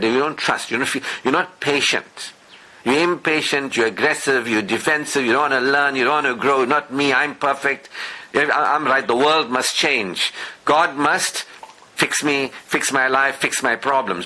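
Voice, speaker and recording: Bright-voiced man preaching emphatically. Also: mid-range voice, rough recording. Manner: emphatic, repetitive lists, conversational asides; candid about his past. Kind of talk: Friday sermon lecture.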